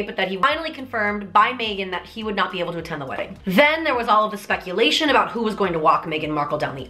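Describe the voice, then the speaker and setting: A young woman in her twenties recapping celebrity news in a chatty vlog, gushing and animated. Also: on the high side. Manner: gushing and animated, with sudden excited squeals. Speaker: vlogger.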